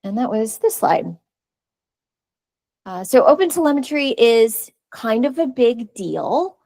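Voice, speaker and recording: A woman's voice: a little high, very animated, slow pace, darkish tone, no room sound. A woman giving a casual technical presentation at a user group meeting, chatty with frequent fillers and restarts. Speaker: conference speaker. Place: meeting room.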